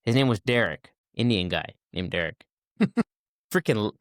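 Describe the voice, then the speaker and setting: A man's voice: on the low side, lively intonation, slow pace, no room sound, studio quality. A man in his twenties, a podcast guest, telling a casual story and acting out the people in it with many fillers and restarts.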